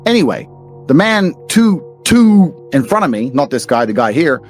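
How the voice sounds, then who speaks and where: A man's voice: on the high side, very animated, normal speed, faint music behind. A man with a British accent, a podcast guest telling blunt, profane stories and ranting emphatically. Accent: British English. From England.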